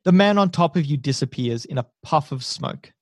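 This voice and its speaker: Male game master, steady narration, higher pitch, dry close sound. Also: moderate pace, no echo.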